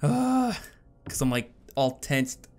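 A man's voice: mid-range voice, normal speed, a bit bright. Jumpy man narrating a horror game. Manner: jumpy, swearing, nervous self-talk. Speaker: gaming channel host. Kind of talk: horror game let's play commentary.

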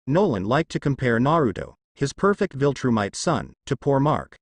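A man's voice: medium pitch, big pitch swings, normal speed, dry recording. A man narrating a fan fiction story in a casual, lightly wry reading style.

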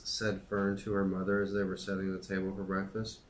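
A man's voice: deep voice, moderate pace, hardly any pauses, slight background noise. A man hosting a podcast, chatting casually with many fillers and then reading a children's book aloud. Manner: relaxed, hesitant, many fillers.

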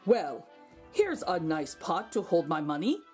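A woman voicing a greedy rich merchant with a low gruff delivery. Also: very animated, unhurried, darkish tone, faint music behind.

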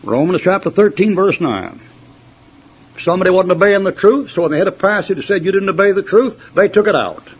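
A man's voice: high-pitched, quick pace, hardly any pauses, slightly rough. An older man preaching a fiery, folksy sermon to a congregation, mocking his opponents and laughing at his own joke stories. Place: church before a congregation. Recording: dull lo-fi sermon tape.

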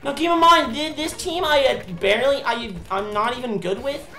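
A woman's voice: high-pitched, moderate pace, sharp tone. A woman giving gameplay commentary in an exasperated, ranting way, swearing often. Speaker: let's play host. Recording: roomy echo with game music behind. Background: game music.

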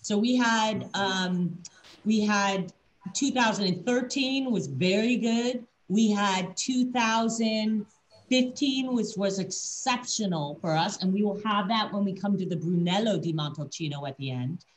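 A woman's voice: mid-range voice, unhurried, a little hiss or hum, rough recording. A woman from a winery presenting a wine tasting over a video call, explaining grapes and vintages enthusiastically. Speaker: winery representative.

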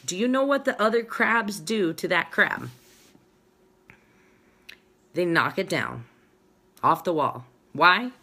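A woman in her thirties talks to her followers in a loose, rambling way. Her voice sits low for a woman. She chats like a fitness coach giving a pep talk. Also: bright, forceful tone. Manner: chatty, rambling, reads viewer comments aloud. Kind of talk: casual chat to followers, live-streamed.

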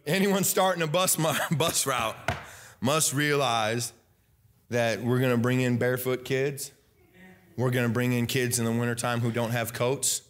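A young man preaching a sermon as pastor, loud and animated, breaking into sing-song emphasis. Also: medium pitch. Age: young adult.

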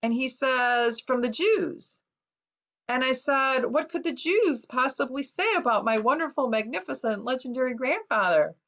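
A high, lively female voice moves at a moderate pace with hardly any pauses and a slightly bright tone. She is an American author guest in an interview, earnestly recounting a personal story, quoting what people told her and using many fillers. The recording is dull and lo-fi.

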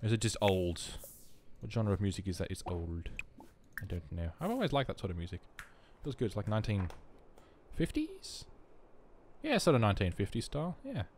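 Chatty young man, lively pitch. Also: fairly quick, a little hiss or hum. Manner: chatty, wry, self-mocking asides. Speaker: let's play host. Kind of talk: casual gameplay commentary.

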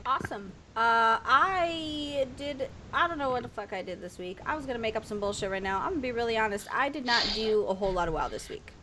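A woman's voice: a little high, animated, brisk, hardly any pauses. Woman hosting a game podcast, jokey and teasing, faint hiss behind. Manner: teasing, laughs often. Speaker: podcast host. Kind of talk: casual chat.

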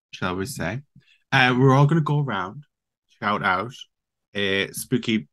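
A man's voice: fairly low pitch, unhurried, bright, forceful tone. A man co-hosting a casual podcast chat, teasing the others and swearing playfully as he hands out turns. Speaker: podcast co-host.

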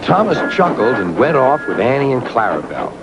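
A man narrates a children's storybook with gentle expressiveness. His mid-range voice moves through lively rises and falls, with music playing behind him. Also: medium pitch, a little fast, poor audio.

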